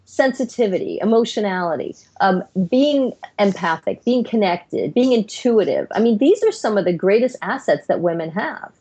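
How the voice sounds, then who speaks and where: A woman's voice: medium pitch, darkish tone, breathy edge. A middle-aged woman, a psychiatrist guest on a podcast interview, explaining her views earnestly in long, flowing runs.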